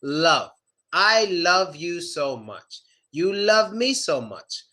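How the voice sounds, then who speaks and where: A man's voice: fairly high pitch, lively intonation, slow, sharp tone. A young man teaching English pronunciation in a casual online lesson, chatty and demonstrative, drawing out example words.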